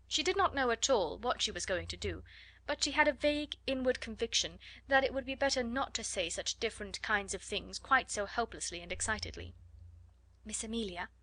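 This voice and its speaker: A woman narrating a classic children's novel in a measured storytelling manner. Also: fairly high pitch, expressive, bright, forceful tone. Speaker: audiobook narrator. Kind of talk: scripted audiobook narration.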